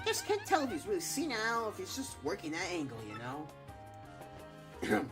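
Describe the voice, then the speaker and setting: Woman, let's play commentary, wry and chatty, animated pitch, game music behind. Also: normal speed, long pauses. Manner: wry, chatty, joking asides.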